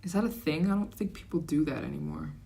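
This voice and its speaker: A young woman with a somewhat low voice hosts her own livestream, talking casually at a quick pace. She chats and reacts to incoming comments, getting excited and animated.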